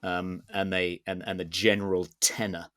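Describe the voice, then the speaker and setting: A British man co-hosting a podcast, speaking in a measured way with frequent hesitations and restarts. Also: low voice, level tone, a bit bright, dry recording, clean studio sound. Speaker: podcast co-host. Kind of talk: casual discussion.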